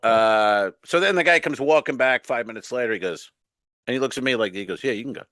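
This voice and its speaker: A man's voice: medium pitch, fast talker, a bit bright, dry recording. A man co-hosting a comedy podcast, telling a story in casual chat and acting out the other people's lines.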